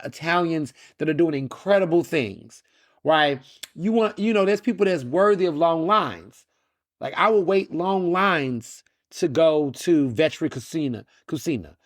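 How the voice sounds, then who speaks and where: A man's voice: a little high, unhurried, no room sound. Sardonic man ranting into a dry mic. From Texas. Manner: animated, sardonic, mocking asides; frequent restarts and repeated words. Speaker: podcast host. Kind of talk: opinionated solo commentary.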